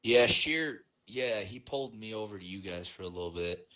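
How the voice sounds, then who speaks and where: Bright-voiced young Midwestern man. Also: on the low side, moderate pace, low-quality recording. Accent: Midwestern American. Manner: laid-back, rambling, laughs often, lots of "man" and "like". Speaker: podcast co-host. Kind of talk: casual chat.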